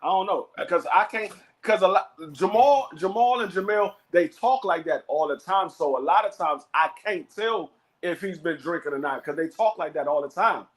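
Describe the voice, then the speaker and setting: A man with a notably high voice hosts a relaxed sports talk show. He often stumbles over his words, repeating a word or two before landing his point. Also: moderate pace. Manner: stammering restarts, repeats words before finishing a thought. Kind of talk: casual chat.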